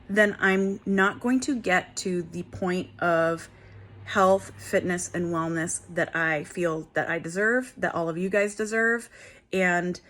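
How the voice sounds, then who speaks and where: A woman in her forties hosting a wellness channel, telling a personal story to camera in a candid, chatty way with playful asides. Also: mid-range voice. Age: 40s. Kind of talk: casual talk to camera.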